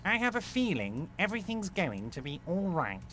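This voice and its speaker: A man's voice: sits high, big pitch swings, moderate pace, fairly bright tone, slight background noise, pitched above the performer's own voice. A man voicing a smug, fawning, powerful middle-aged man who speaks with mock concern.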